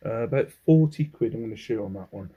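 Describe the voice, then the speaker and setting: A man's voice: fairly low pitch, lively intonation, fast talker, warm tone, husky, lo-fi sound. An English man in a casual haul vlog, rambling as he goes through his finds and humming to himself between items. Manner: rambling, hums while sorting items. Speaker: clothing reseller.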